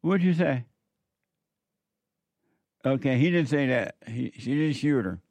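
A man's voice: mid-range voice, animated, measured pace, darkish tone, dry recording. Preachy radio host man, dry sound. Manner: preachy, emphatic, repeats phrases. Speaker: radio talk show host. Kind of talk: call-in radio talk.

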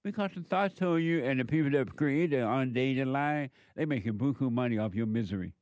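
A man's voice: medium pitch, animated, brisk, a little mellow, dry recording. Man preaching with emphatic repetition. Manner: emphatic, repetitive, rhetorical questions. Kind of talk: preaching monologue.

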